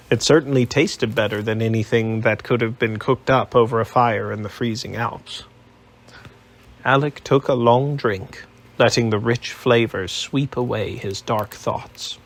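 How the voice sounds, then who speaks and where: A male audiobook narrator with a gravelly, husky voice sitting at a middling pitch. He tells the story at a steady, even pace.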